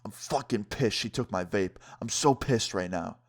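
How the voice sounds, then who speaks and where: A man's voice: on the low side, moderate pace. A man voicing a cocky teenage boy classmate addicted to vaping, talking in whiny, defiant slang.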